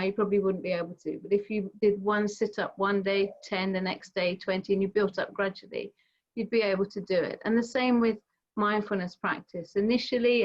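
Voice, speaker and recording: Gentle mindfulness teacher on a video call. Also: female voice, medium pitch. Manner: gentle, reflective, explains with everyday examples. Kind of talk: guiding a mindfulness session over a video call. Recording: slightly dull video call audio.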